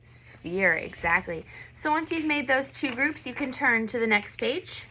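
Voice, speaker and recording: In this online classroom lesson for first graders, a woman with a high, animated voice talks at a moderate pace. Her tone is pushed and bright, with a slight hiss or hum in the audio. She patiently encourages the kids, poses questions, and has them repeat words back.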